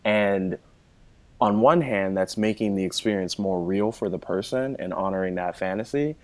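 A man with a fairly low voice chats as a guest in a relaxed interview. He explains things at length and leans on conversational fillers as he goes. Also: normal speed. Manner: chatty, explains at length with many "you know" fillers.

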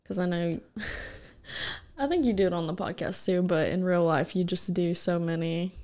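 A woman guest on a podcast speaks in a slightly low voice. She laughs often and keeps the chat loose and casual. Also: unhurried, a little mellow. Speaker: podcast guest, host's fiancée. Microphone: headphones and studio mic.

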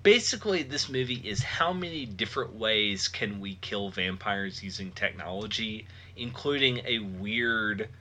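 A man's voice: lowish voice, animated, a little slow, hardly any pauses, sharp tone, a little hiss or hum. A man in his thirties co-hosting a casual podcast, dropping wry, joking asides. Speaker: podcast co-host. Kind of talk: casual chat.

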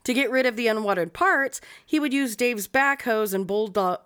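A woman's voice: a little high, moderate pace, fairly bright tone, clean tone. A woman hosting a podcast, telling a true-crime story in a casual, profane, blunt way.

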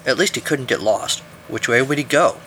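A man's voice: mid-range voice, animated, normal speed, pushed and bright, a little hiss or hum. A man reading his own adventure story aloud with wry, playful narration.

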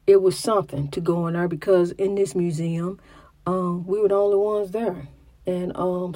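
A middle-aged woman talks in a country manner, with a slight stutter, as she gives a preachy religious testimony. She often stumbles and restarts her words, and her voice sits at an ordinary pitch. The sound is close and dry, with no room echo. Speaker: mother.

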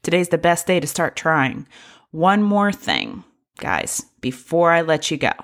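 A woman's voice: low voice, very animated, measured pace. A woman in her thirties hosting a motivational podcast, talking straight to the listener in an upbeat, encouraging way. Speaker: podcast host.

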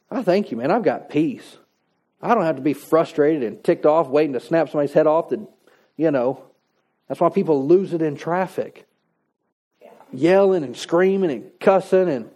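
A man's voice: fairly high pitch, normal speed, pauses often, warm tone. A man preaching a sermon in a conversational, folksy way, reading scripture and adding plain-spoken asides. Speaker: pastor.

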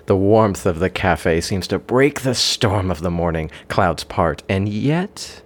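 A man narrating a dramatic first-person story in a theatrical, expressive way. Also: sits low.

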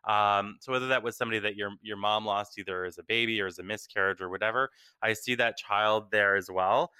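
Male medium co-host, lowish voice, bright and smooth, gentle reassuring delivery. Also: steady tone, fairly quick, no echo. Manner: gentle, reassuring, many fillers. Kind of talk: call-in show reading.

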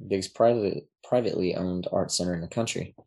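A man talking as a podcast guest in casual chat, relaxed and rambling, with many fillers and restarts. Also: low-pitched, fairly quick, vocal fry, slightly rough.

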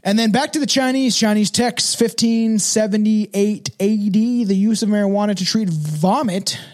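High-voiced rambling man on a podcast. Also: normal speed, darkish tone. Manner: rambling, stumbles over words, swears, laughs often. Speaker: podcast co-host. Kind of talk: casual podcast chat.

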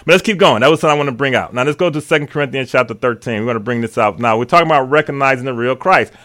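A male radio host teaching the Bible in an excitable, casual preaching style, breaking into hallelujahs and everyday slang. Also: medium pitch, racing. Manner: excitable, exclaims hallelujah, talks back to the text; casual and colloquial, drops into vernacular.

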